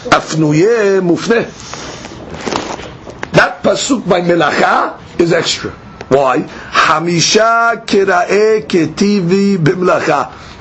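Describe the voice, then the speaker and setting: A man with a notably high, light voice leads a study class lecture. He explains patiently, stopping to ask himself questions and then answer them. A faint hum of ambience sits under his voice. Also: a little slow, fairly bright tone. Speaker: teacher.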